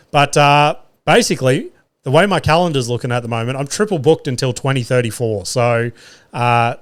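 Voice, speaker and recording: A man in his thirties hosts a laid-back solo podcast. He talks in a middle pitch, close to the mic, and spins profane, exasperated stories punctuated by wry laughter. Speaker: podcast host. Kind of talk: casual solo podcast monologue.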